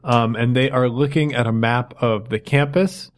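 A man's voice: mid-range voice, steady tone, moderate pace. A man running a tabletop game as game master, narrating loosely with many restarts. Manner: rambling, loose, lots of fillers and restarts.

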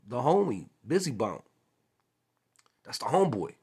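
A man speaks in a relaxed, conversational monologue with a slightly husky voice at a middle pitch. He retells past conversations by acting out each side, and he keeps checking in with "you know what I mean". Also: normal speed, pauses often. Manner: chatty, keeps adding "you know what I'm saying". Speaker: former music manager. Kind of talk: casual storytelling monologue.

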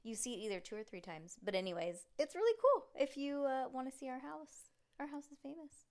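A woman in her thirties hosting a podcast with her young daughter, talking in a chatty, excitable way full of rambling asides. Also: sits high, fairly quick. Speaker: podcast host and mother. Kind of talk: casual chat reading to kids.

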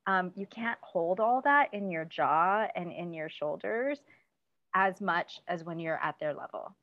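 A woman's voice: lowish voice, unhurried. A woman guest in a casual interview, giving practical advice with many "um"s and "you know"s. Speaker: parenting guest. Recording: dull lo-fi recording.

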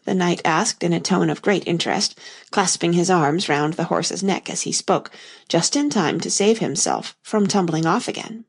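Steady storybook narrator, woman, husky and gravelly, low-pitched. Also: moderate pace. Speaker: audiobook narrator. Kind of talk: scripted narration.

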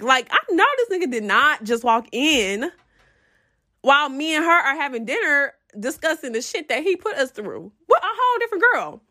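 A young adult woman telling a story to her viewers in a casual, profane, animated way, often breaking into laughs. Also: sits high, normal speed.

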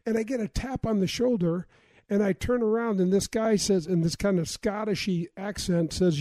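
A man in his sixties answers as a guest in a fairly high, mellow voice. He tells reflective stories, often restarting his sentences before finding his way through, and the recording is dry and close. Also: normal speed, no echo. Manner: reflective storytelling with false starts. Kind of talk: conversational interview.

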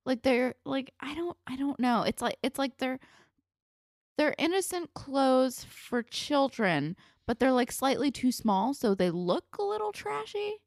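A woman's voice: sits high, sing-song, unhurried, darkish tone, no echo, clean studio sound. A woman co-hosting a casual chat, opinionated and swearing freely as she recaps an episode. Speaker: podcast co-host.

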